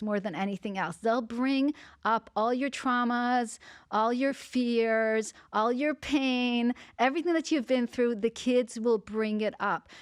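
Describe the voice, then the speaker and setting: A woman with a fairly high voice hosts a podcast and speaks reflectively about parenting. The sound is dry and close, with no room echo. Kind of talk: casual podcast conversation.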